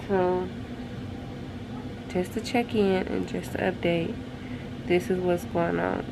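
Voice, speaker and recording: Low-voiced woman chatting to her camera. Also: steady tone, takes it slowly, creaky, pauses often, noisy background. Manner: chatty, talks straight to viewers. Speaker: vlogger and mother. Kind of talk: casual vlog update to camera.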